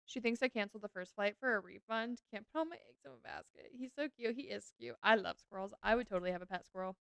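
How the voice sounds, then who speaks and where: A woman's voice: mid-range voice, quick pace, gravelly, a bit bright, clear, resonant tone, no room sound, clean studio sound. A woman streaming a game, chatting casually with her viewers and gushing over cute animals.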